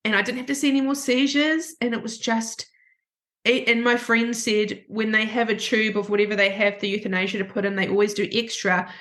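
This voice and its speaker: Halting, emotional woman counselor. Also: a little high, steady tone, a bit bright. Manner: halting, with frequent self-interruptions and restarts. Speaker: grief counselor guest. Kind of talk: emotional personal storytelling in a podcast interview.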